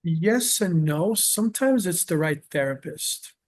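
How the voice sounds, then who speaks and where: Earnest male therapist, slightly high voice. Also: expressive, measured pace. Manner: earnest, explains with patient examples and quoted dialogue. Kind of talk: casual podcast interview.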